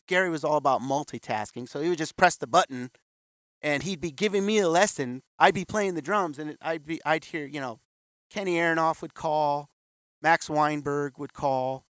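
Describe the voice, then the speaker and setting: A man's voice: fairly high pitch, no echo. A man in his fifties, a guest in an interview, telling his story candidly and acting out the voices of the people he quotes. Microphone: video call.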